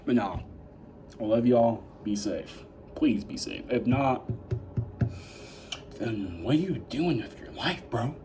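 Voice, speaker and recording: Over background noise, a young man with a medium-pitched, animated voice speaks slowly, leaving long pauses. He's a YouTuber in casual vlog mode, rambling with endless "like" and "you know" fillers and hyping up viewers.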